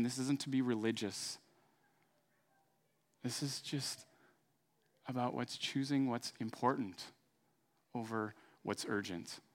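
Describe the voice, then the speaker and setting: A middle-aged man preaching a sermon in an earnest, conversational way, then moving into a fervent prayer. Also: mid-range voice. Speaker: pastor.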